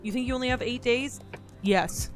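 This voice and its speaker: A woman's voice: on the high side, moderate pace, faint music behind. A woman streaming live, chatting in a playful, joking way and thanking her donors. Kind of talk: casual live-stream chat.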